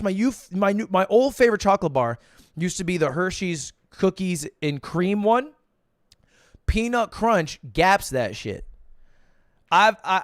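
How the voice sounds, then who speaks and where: An American streamer in his twenties talks casually to his chat. He is jokey and animated, and his voice sits high and swings all over. The close mic gives a dry sound with no room in it. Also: measured pace, no room sound.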